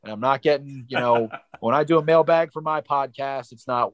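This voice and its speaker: A man's voice: medium pitch, normal speed, no echo. Guy on a sports podcast going off about his team, mid voice, lots of um and you know. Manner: rambling, filler-heavy and emphatic. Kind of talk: casual sports analysis chat.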